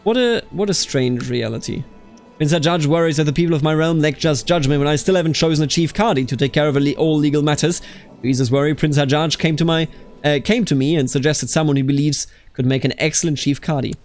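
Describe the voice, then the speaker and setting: A man's voice: fairly high pitch, a little fast, faint music behind. A man hosting a strategy game let's play, chatting casually with exasperated outbursts and reading game events aloud. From Bavaria. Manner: animated, exasperated outbursts, calls people dude.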